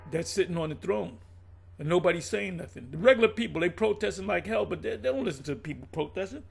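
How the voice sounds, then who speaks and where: A man's voice: high voice, vocal fry, fairly bright tone, husky. A man giving casual, emphatic commentary on the news and prophecy, rambling and swearing as he talks.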